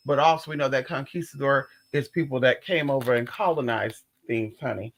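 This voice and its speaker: Here a woman runs a relaxed haul video from her house, gabbing and cursing, calling everyone "girl" and "y'all," and squeaking high when she holds up what she got. She talks a little fast, and the audio is poor.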